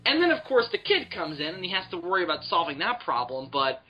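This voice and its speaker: A woman co-hosting a casual movie chat, animated and opinionated, with frequent fillers. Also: on the low side, fast, muffled recording, over music. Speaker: podcast co-host.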